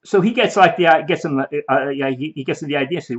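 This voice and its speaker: With big pitch swings in a slightly high voice, a man talks at a quick pace with few pauses. His emphatic, rambling video commentary is full of repetition, restarts and mock-quotes aimed at opponents. The audio is dull lo-fi.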